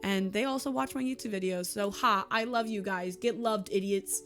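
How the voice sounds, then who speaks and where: A woman's voice: mid-range voice, moderate pace, fairly bright tone, soft background music. A young woman, chatting casually to camera in a vlog, emotional and gushing, laughing often and teary. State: tearful. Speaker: YouTuber and streamer. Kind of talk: casual monthly vlog chat.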